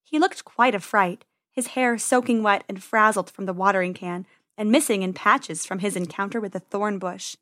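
A woman with a mid-range voice reads a children's story aloud at a normal speed, gently and expressively.

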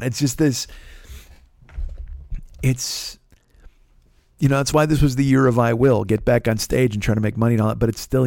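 A middle-aged man, a comedian and podcast host, tells a rambling, profane story as a casual monologue, often restarting and repeating words. His medium-pitched voice is creaky and a little mellow. The sound is studio quality with no echo.

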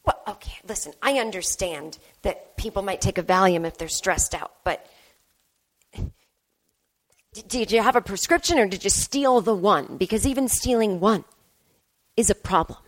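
A woman's voice: mid-range voice, animated, unhurried. A woman voicing a flustered, melodramatic female doctor in a comedy sketch podcast, stammering and over the top. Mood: lecturing. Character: flustered self-important woman doctor, dramatic. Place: home apartment.

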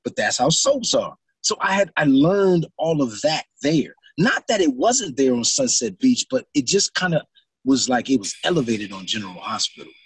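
A man's voice: medium pitch, sing-song, normal speed, husky, no room sound. A middle-aged man, an actor, telling stories in an interview and acting out his own reactions. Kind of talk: interview storytelling.

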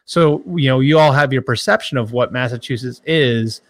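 A sports journalist in his thirties who grew up around Boston answers interview questions haltingly, with many restarts and filler words. His voice is medium-pitched, and the recording is dry.

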